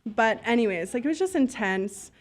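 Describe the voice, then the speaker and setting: A Canadian woman, a business owner appearing as a guest in a casual interview, tells her stories bluntly and with lots of energy at a normal speed. Her voice sits a bit high, and she scatters "like" and occasional curses throughout while acting out what other people said.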